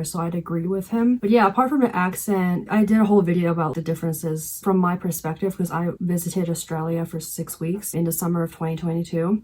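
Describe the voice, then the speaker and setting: A woman's voice: fairly low pitch, darkish tone. An American woman hosting a reaction video, chatting casually with many fillers. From United States.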